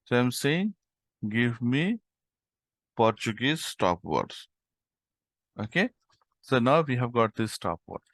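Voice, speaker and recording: A man teaching a coding lesson, thinking aloud as he types and filling pauses with okay and um. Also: medium pitch, big pitch swings, no echo, studio quality. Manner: thinks aloud while typing, many fillers like okay and um. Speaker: programming tutor. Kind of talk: screen-recorded coding lesson.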